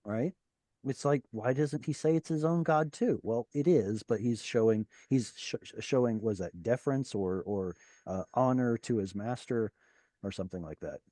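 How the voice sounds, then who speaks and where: A man teaching an online class over a video call, explaining patiently and pausing often with fillers and restarts. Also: mid-range voice, dark tone, no echo. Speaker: Hebrew teacher.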